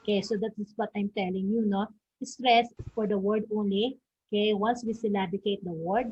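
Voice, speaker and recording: A woman teaches a recorded lesson, her voice husky and slightly breathy. She checks in with her students often, tagging points with "okay" and "no?". The audio is dull and lo-fi. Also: medium pitch, steady tone, normal speed, darkish tone. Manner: frequent "okay" and "no?" tags, models example words and questions aloud.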